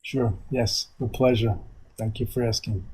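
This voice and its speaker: An older man from New York speaks as a guest teacher, wandering through his thoughts in a loose, reflective ramble. His voice sits at an ordinary middle pitch. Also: fairly even intonation, unhurried, darkish tone, husky, poor audio. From New York, USA. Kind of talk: reflective conversation. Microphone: video call.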